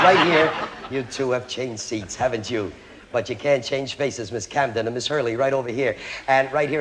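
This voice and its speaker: A man's voice: a little high, a bit bright, slight background noise. A man performing a memory act on a TV magic show, joking with the studio audience as he calls out names one after another. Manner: brisk, joking, rattles off names. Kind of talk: stage patter to a studio audience.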